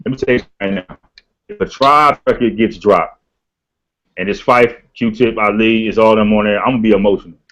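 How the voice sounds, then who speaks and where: Low-voiced man telling a story casually. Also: moderate pace, fairly bright tone, dull audio. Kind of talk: casual hip-hop podcast chat.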